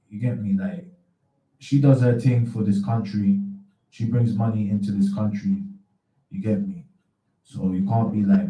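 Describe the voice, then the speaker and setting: A man's voice: fairly low pitch, reverberant, recorded from a distance, lo-fi sound. A man hosting a radio show in a casual, rambling way, full of slang and repeated words. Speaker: radio host.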